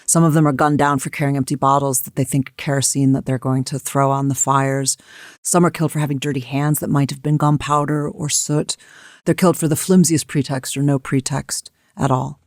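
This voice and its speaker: A woman's voice: a bass voice, no echo, clean studio sound. An American woman co-hosting a history discussion, telling events in a vivid, emphatic way. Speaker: co-host.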